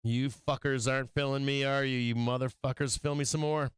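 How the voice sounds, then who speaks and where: Smooth, dry-voiced trading stream host. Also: male voice, mid-range voice, little pitch movement, brisk, dry recording. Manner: profane, venting frustration. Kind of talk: casual live-stream trading commentary.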